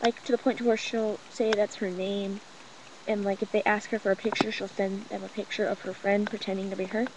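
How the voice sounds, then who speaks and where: A woman's voice: mid-range voice, little pitch movement, a little fast. A young woman rambling through a casual gossip vlog at home, mocking and profane, with many fillers. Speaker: vlogger. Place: room at home with a cousin talking nearby. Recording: noisy home webcam recording.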